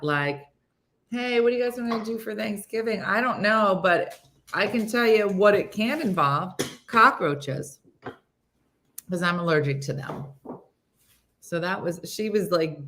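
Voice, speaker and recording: Animated storytelling woman host. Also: mid-range voice, measured pace, a little hiss or hum. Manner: animated storytelling, acting out friends' voices. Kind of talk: casual morning show chat.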